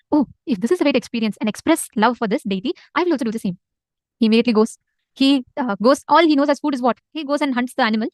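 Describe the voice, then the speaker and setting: A woman retelling a devotional legend in casual spoken style, animated and emphatic, repeating phrases for effect. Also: on the high side, no echo. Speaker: storyteller in a spiritual session.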